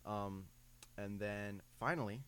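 Male co-host, lower voice, wry intro, light background noise. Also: takes it slowly, fairly bright tone. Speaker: podcast co-host. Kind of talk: casual show intro.

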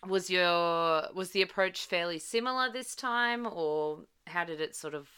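A woman's voice: fairly low pitch, measured pace, pushed and bright, clear, resonant tone. A woman hosting a casual chat, supportive and chatty, asking long, rambling questions. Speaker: host.

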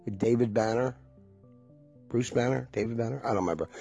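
A man's voice: medium pitch, a little fast, gravelly, warm tone, breathy edge, faint music behind. A man in his forties chatting casually to viewers, rambling and nostalgic and swearing freely.

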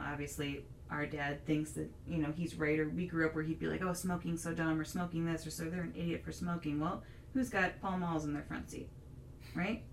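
A woman with a deep, creaky voice hosts a casual podcast chat, sharing opinions and thinking aloud with lots of "you know"s. The mic is distant in an echoey room, with faint hiss.

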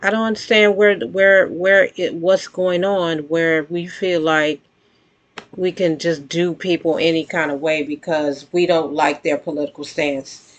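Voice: medium pitch, level tone, a little slow. An earnest speaker giving casual spoken commentary. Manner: earnest, conversational, with frequent restarts and emphatic outbursts. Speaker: vlogger commenting on news.

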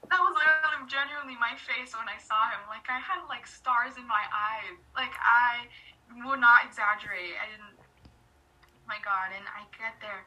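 A woman telling a story in casual chat, excited and rambling with many fillers and dropping to whispers for effect. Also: fairly high pitch, moderate pace, far from the mic, low-quality recording. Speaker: storyteller recounting a fan meeting.

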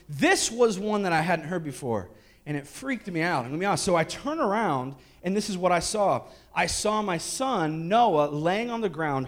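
A man in his thirties, a pastor telling a candid family story in a sermon with jokes and restarts. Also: fairly high pitch. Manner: candid, joking, many restarts.

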